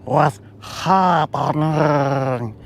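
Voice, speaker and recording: A man voicing a male space alien who talks in a slow, drawn-out, deliberate way, in an odd, altered tone. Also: fairly high pitch, gravelly, full character voice. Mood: slow, curious.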